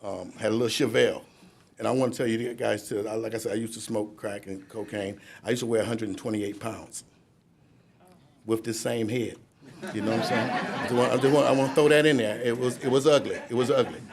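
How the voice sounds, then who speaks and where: A man's voice: medium pitch, fairly even intonation, fairly quick, creaky, a crowd in the background. A man in his fifties giving a rambling, conversational recovery testimony at a courtroom ceremony, laughing at himself as he goes. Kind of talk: personal recovery testimony to an audience.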